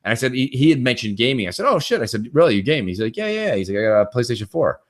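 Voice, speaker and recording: A co-host on a casual gaming podcast rants animatedly and swears plenty, acting out quoted conversations. He's a man with a medium-pitched voice who talks very fast.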